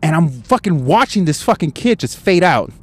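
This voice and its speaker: A man's voice: on the high side, very animated, moderate pace. Profane man rambling in a parked car. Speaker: podcast host. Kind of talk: casual solo podcast monologue. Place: parked car at a gas station. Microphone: handheld microphone, wearing headphones.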